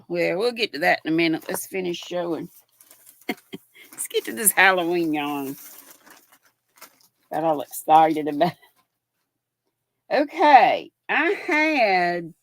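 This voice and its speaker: An older woman with a fairly low voice hosts a casual live-stream chat, reading viewer comments aloud in a chatty, affectionate way. There's no room sound.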